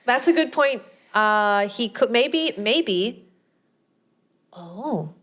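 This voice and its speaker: A woman's voice: a little high, drawn-out words. A woman co-hosting a casual movie review podcast, recapping scenes and acting out the characters' lines. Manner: animated, acts out lines from scenes. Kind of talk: casual chat.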